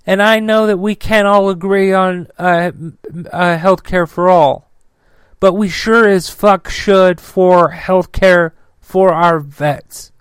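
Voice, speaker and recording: A man's voice: high-pitched, fairly even intonation, takes it slowly, smooth, dry recording. Furious, profane male commentator. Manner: angry, profane, loud; filler-heavy. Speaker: political commentary host. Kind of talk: ranting political commentary.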